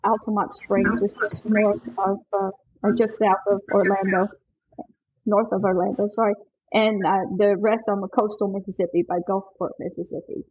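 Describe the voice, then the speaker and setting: Older southern woman guest, rambly, corrects herself, kinda husky, dull audio. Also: medium pitch, level tone, normal speed. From Tennessee. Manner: friendly, self-correcting, rambling. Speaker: podcast guest. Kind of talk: casual chat.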